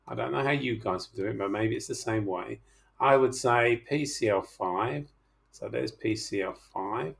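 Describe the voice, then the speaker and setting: A middle-aged man with a medium-pitched, gravelly, fairly bright voice teaches chemistry in an online class. He talks through problems in a chatty, teasing way and coaxes his students to speak up.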